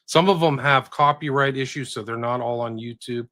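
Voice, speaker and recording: Relaxed male podcast host. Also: medium pitch, normal speed. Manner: relaxed, chatty, gives plain directions to listeners. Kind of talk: casual podcast chat.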